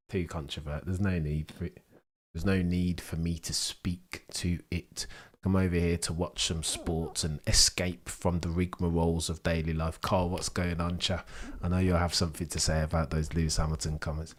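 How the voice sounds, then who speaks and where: A young British man hosting a live sports watchalong, chatting with viewers and reacting to the race in a rambling, excitable way. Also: deep voice, normal speed. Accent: British English. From England. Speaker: livestream host. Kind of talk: live sports watchalong commentary, reading chat.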